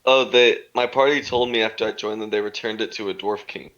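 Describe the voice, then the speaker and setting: A man's voice: on the low side, fairly quick, a bit bright, lo-fi sound. A man playing a tabletop game, speaking earnestly and a bit apologetically. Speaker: player. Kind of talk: casual tabletop game chat.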